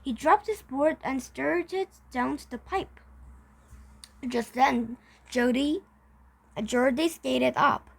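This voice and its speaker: A woman's voice: sits high, slow pace, creaky, breathy edge, poor audio. A woman reading a children's story aloud, carefully, with frequent slips and restarts. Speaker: reader.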